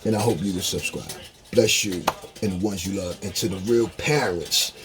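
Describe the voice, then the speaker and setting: A man vlogging a profane, heated rant, dropping to low mutters and jumping to high-pitched outbursts. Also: moderate pace, fairly bright tone. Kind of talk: profane ranting monologue. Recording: noisy, running water tap behind.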